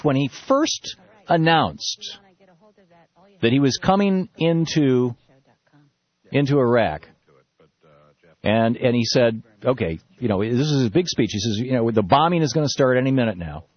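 A man hosting a political talk radio show from a studio, speaking in an animated, indignant way with many restarts. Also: mid-range voice, measured pace, long pauses, no echo. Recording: dull, slightly lo-fi radio broadcast.

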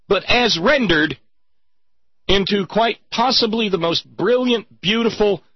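A man's voice: a little high, no room sound, muffled recording. A man delivering a sarcastic, mocking commentary monologue with theatrical emphasis.

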